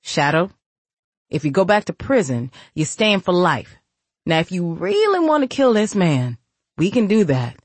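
A woman's voice: lowish voice, sing-song, measured pace, husky, no echo, heavily acted. A woman voicing a stern, protective older grandmother who speaks in firm warnings.

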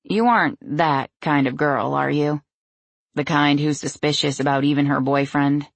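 A woman reading the part of a grown man, a guarded boyfriend who talks in a calm, slightly condescending way. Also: medium pitch, moderate pace, vocal fry, no echo. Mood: placating. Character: smooth, guarded adult male boyfriend.

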